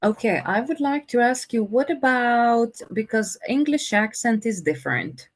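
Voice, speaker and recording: A woman teaching an English conversation lesson, speaking slowly and patiently with many fillers. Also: fairly high pitch, expressive.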